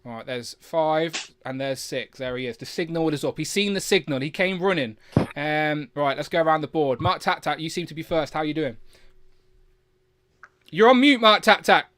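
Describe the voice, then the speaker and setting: A man with a slight lisp, hosting a live chat with guests, chatty and quick to laugh. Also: fairly high pitch, a bit bright. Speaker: livestream host.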